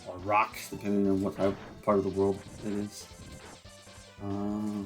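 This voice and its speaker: A man's voice: lowish voice, monotone, a little slow, faint music behind. A man giving rambling, casual commentary while playing a video game, with lots of fillers and some mild swearing. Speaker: gameplay streamer. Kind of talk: casual let's-play commentary.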